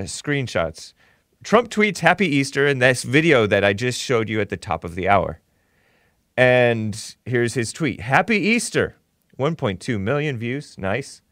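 A man's voice: mid-range voice, fairly bright tone, dry recording, studio quality. Mocking male talk show host. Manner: mocking, chuckles often while reading posts. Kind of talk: opinionated commentary.

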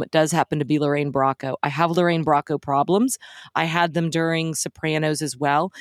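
A woman's voice: deep voice, no echo. Analytical woman podcaster, dry close sound. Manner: thoughtful and analytical, with frank swearing. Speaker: podcast co-host. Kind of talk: casual film discussion.

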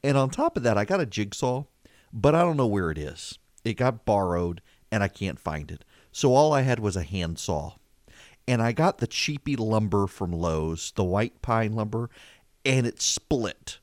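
Animated, self-mocking male talk host. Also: on the low side, moderate pace, no echo, studio quality. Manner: animated, self-mocking, voice rising when exasperated. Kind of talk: casual storytelling monologue.

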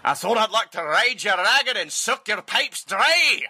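A man's voice: sits high, lively intonation, a little slow, sharp tone, slightly rough, pitched above the performer's own voice, exaggerated voice. A man voicing an elderly Scottish husband in a joke, with a put-on Scottish accent. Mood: cheeky.

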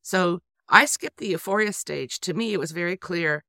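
A Canadian woman speaking as a guest, forceful and indignant, stressing single words as she builds her points. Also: on the low side, normal speed, few pauses, no echo, studio quality. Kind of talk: conversational podcast chat.

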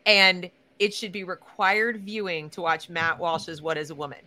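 A woman hosting a casual interview, talking in an emphatic, sarcastic and animated way. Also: fairly low pitch, moderate pace. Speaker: podcast host.

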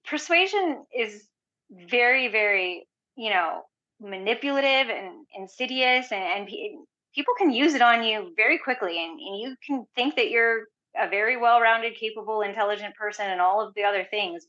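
Woman guest rambling chattily, says like a lot, bright voice, kinda dull lo-fi audio. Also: on the high side, normal speed. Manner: chatty, heavy use of "like", animated retelling. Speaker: podcast guest. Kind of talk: casual conversational storytelling.

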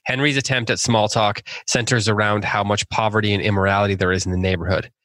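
A man hosting a casual book-club podcast, reading out listener questions in a relaxed, meandering way. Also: lowish voice, quick pace, no echo.

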